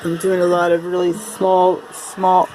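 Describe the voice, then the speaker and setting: A woman's voice: fairly low pitch, fairly even intonation, moderate pace, a little hiss or hum, low-quality recording. A woman chatting casually and rambling as she walks through her home, full of fillers and restarts. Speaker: artist showing her home studio. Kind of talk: casual vlog chat and home tour. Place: home, walking from room to room and into a kitchen. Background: Cajun fiddle music playing from a computer.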